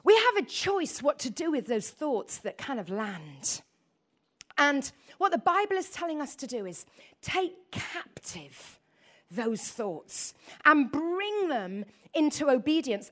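A middle-aged woman from the north of England preaching a lively sermon, asking her congregation questions and adding chatty asides. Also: high voice. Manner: animated, asks the audience questions, chatty asides.

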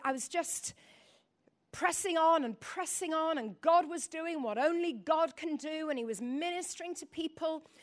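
A high-pitched middle-aged woman preaches a sermon, telling a personal story in a rambling, emotional way. She calls on the congregation to repeat words after her.

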